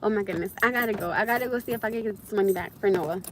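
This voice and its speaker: A woman's voice: mid-range voice, rapid-fire, fairly bright tone, a little hiss or hum. A woman hosting a casual livestream from her phone, reading scripture and thanking viewers, exclaiming and laughing often. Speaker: livestream host.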